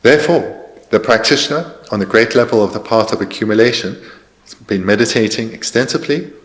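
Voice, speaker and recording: A man translating a Buddhist dharma teaching in a careful, measured way, pausing with fillers as he searches for precise terms. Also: fairly low pitch. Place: meditation centre teaching hall.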